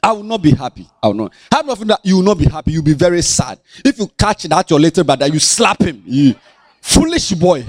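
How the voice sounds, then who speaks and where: A man with a Ghanaian accent teaches children a lively Bible lesson, his high voice swooping up and down nonstop at a quick pace. The delivery is sing-song and playful, full of teasing, and the recording is close and dry.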